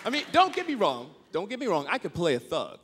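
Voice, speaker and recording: A man's voice: high-pitched, wildly swooping pitch, brisk. A man doing a self-mocking stand-up comedy set on a club stage, full of asides. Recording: noisy comedy club with crowd.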